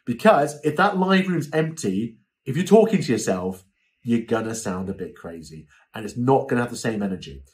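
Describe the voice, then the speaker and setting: A man's voice: mid-range voice, moderate pace. A young British man giving a chatty, casual lesson as a live-selling coach, often acting out voices as he explains. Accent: British English. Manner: chatty, animated, acts out quoted voices. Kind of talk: casual instructional talk.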